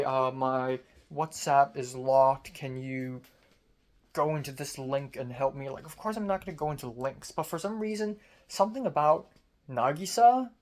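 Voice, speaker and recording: A man ranting on a vlog, angry and swearing, mocking himself with sarcasm. His voice is strained and deepened from screaming. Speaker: vlogger. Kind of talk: personal rant.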